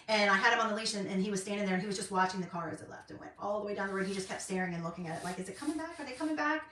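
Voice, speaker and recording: A middle-aged woman with a drawl talks through her craft project in a loose, rambling way, full of ums. Her voice is bright and crisp. She sounds a little distant in an echoey room with a faint hiss behind her. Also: medium pitch, little pitch movement, rapid-fire. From North Carolina, US. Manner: rambling and chatty, many ums. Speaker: craft vlogger. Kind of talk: casual chat while crafting. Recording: roomy, distant, faint noise.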